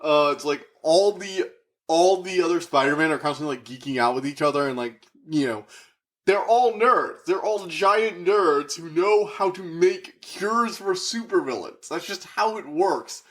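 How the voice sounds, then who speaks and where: Excitable man reviewing a movie. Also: a little high, measured pace. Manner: excitable, acts out quoted characters, swears. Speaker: podcast reviewer.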